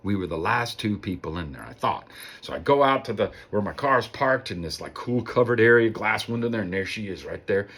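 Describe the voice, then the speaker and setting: A man's voice: on the low side, lively intonation, brisk, a bit bright, breathy edge. A man casually telling a personal story on his vlog, acting out the voices of the people in it. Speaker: vlogger.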